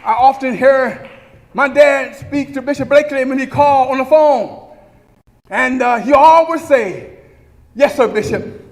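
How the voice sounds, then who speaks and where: A middle-aged male pastor preaches a eulogy in a strikingly high voice, rising into shouted, sung crescendos in the old whooping cadence. His words ring out through a large sanctuary with a long echo. Soft organ and a murmuring congregation sit beneath him. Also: measured pace, a faint crowd.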